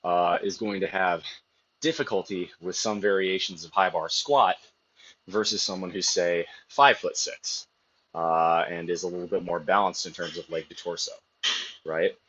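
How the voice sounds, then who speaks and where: A man's voice: deep voice, steady tone, normal speed, fairly bright tone, a little hiss or hum. A man streaming live from a gym, chatting casually and with strong opinions between sets, swearing freely, in dull lo-fi audio. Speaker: streamer working out. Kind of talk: casual workout chat while lifting.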